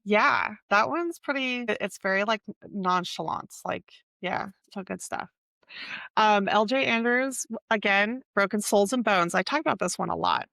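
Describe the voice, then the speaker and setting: Gravelly woman chatting about books. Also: mid-range voice, normal speed, sharp tone, no echo. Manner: chatty, searches for words, many fillers. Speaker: podcast co-host. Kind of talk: casual book chat.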